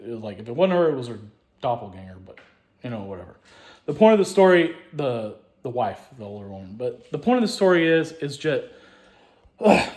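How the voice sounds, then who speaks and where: Rambling, profane man, loud and soft swings. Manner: profane, rambling, repeats himself, restarts often; voice swings from low mutters to loud outbursts. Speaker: show host. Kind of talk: rambling personal storytelling.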